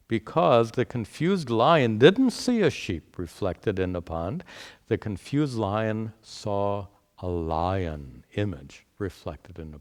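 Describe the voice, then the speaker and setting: Slow, deliberate male spiritual teacher. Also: lowish voice. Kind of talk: lecture with storytelling.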